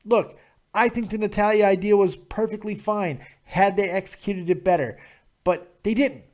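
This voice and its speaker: A man's voice: sits high, steady tone, normal speed, darkish tone. A man hosting a call-in wrestling show, ranting crudely and sarcastically about the matches. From Nevada, USA. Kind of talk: profane call-in wrestling commentary.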